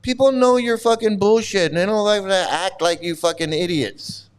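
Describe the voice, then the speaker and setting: Furious high-voiced man ranting. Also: normal speed, clear, resonant tone. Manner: abrasive, swearing constantly, mocking. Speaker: commentator reacting to videos. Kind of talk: angry profane rant.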